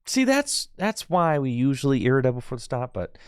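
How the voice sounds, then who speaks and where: A man's voice: medium pitch, sing-song, fairly quick, clean tone, dry recording, clean studio sound. A man streaming a card game live, chatting casually and joking back at viewers in his chat.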